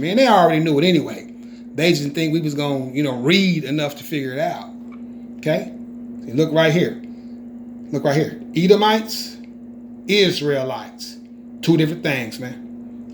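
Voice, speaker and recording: A man's voice: a little high, slight background noise. A man giving an informal scripture teaching in an emphatic way, often checking in with the listener. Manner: emphatic, keeps checking in with "okay?". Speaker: religious teacher.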